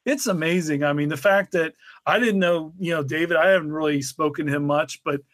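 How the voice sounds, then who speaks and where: Man, podcast co-host, rambling chatty talk, fairly high voice, dry close sound. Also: fairly quick, fairly bright tone, dry recording. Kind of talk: casual chat.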